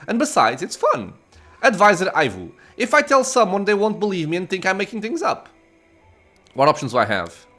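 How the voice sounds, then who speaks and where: A chatty young dragon girl brags and chirps her advice with a swooping, lively voice, as a man reads her game lines. She sounds playful and pleased with herself, and the voice sits a little high. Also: moderate pace, full character voice. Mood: chirpy. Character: cheerful young female dragon child. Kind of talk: reading game dialogue aloud.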